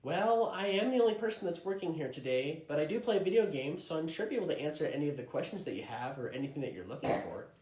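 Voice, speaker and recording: A man playing a patient young female store clerk who speaks softly and politely. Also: a little high, sing-song, fast, hardly any pauses, reverberant. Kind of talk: comedy skit.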